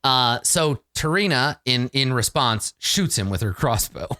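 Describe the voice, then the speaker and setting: A man narrating a tabletop game as dungeon master, lively and often laughing. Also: mid-range voice, a little slow, a little hiss or hum.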